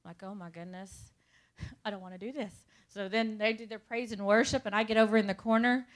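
A woman's voice: mid-range voice, fairly even intonation, fairly quick, a bit bright. A middle-aged woman telling her personal testimony to a church congregation, talking straight to the listeners like a storyteller. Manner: conversational storytelling, talks to the audience directly. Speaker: church speaker giving testimony.

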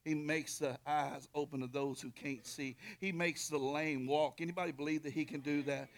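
A man preaching a sermon, telling a story with animated swings from shouting to whispering and calling out to the congregation. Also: on the high side, moderate pace, few pauses. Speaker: pastor.

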